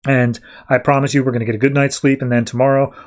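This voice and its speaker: A man's voice: medium pitch, level tone, close to an everyday voice. A man voicing a protective middle-aged mother who pleads and reassures, in a casual recap. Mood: reassuring. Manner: reassuring, rushed.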